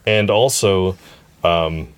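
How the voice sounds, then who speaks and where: A man's voice: sits low, very slow, clean tone. A man hosting a casual family podcast, telling goofy jokes and talking about editing the episodes. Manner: goofy, tells groan-worthy jokes. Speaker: podcast host and editor.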